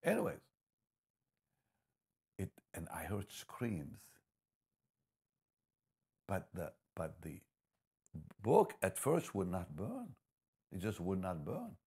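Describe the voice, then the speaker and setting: Gravelly deep-voiced male preacher. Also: very animated, slow pace, long pauses. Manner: swings between hushed storytelling and loud emphatic preaching. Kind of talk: sermon with personal testimony.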